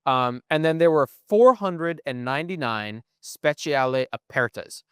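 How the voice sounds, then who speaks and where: A man's voice: a little high, animated, unhurried, a bit bright, clean tone, no room sound, clean studio sound. A young man co-hosting a podcast, explaining things at length in casual chat and often asking "right?". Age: young adult. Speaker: podcast co-host. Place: museum.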